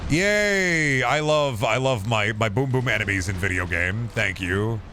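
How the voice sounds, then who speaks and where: A man's voice: lowish voice, normal speed, pushed and bright. Rambling, profane male streamer. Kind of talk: casual gameplay commentary. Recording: game noise behind. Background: video game sound.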